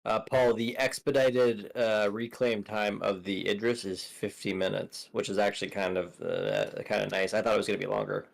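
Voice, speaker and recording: A man's voice: lowish voice, steady tone, normal speed, gravelly, few pauses, poor audio. A man chatting casually while playing a space game with friends, laid-back and full of fillers. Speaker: streamer. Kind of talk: casual gaming chat.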